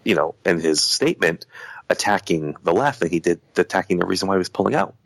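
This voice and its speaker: A man's voice: sits low, expressive, fast, creaky, poor audio. A man in a casual podcast conversation, talking in a heated, rambling way with lots of restarts. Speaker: podcast guest.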